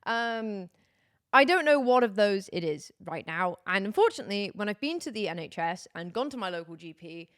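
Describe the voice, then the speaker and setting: A woman's voice: mid-range voice, lively intonation, normal speed, clear, resonant tone. Young woman streaming, just chatting, candid and a bit wry, laughs stuff off. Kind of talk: casual chat to stream viewers.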